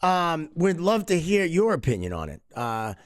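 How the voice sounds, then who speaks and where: A man's voice: fairly high pitch, sing-song, normal speed, no room sound. Dry-sounding man, easygoing podcast co-host. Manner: conversational, plays devil's advocate. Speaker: hockey official and podcast co-host. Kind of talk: casual podcast chat.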